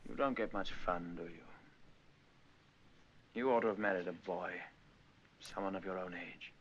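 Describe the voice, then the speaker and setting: An actor playing a brooding, weary aristocratic husband who speaks in a clipped, curt way, in 1940s film acting. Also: male voice, sits low, moderate pace, a little hiss or hum, natural voice. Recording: muffled old film soundtrack.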